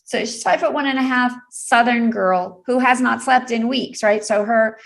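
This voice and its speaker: A woman's voice: on the high side, normal speed, creaky. A woman being interviewed on a podcast, telling a personal story earnestly, with many fillers and frequent laughter. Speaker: guest, trauma recovery specialist.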